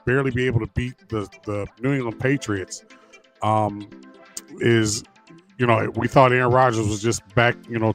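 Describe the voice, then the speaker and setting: On a sports podcast, a co-host with a mid-range voice rambles easily through his picks in casual conversation, full of fillers and restarts.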